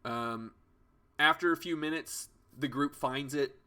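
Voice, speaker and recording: A man's voice: fairly high pitch, unhurried, sharp tone, smooth. A young man narrating as game master of a tabletop game, hesitant with many fillers and restarts.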